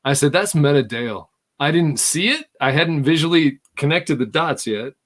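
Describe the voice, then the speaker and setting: A middle-aged man hosting a podcast, telling a story in a casual, animated way and laughing often. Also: fairly high pitch, moderate pace. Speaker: podcast host.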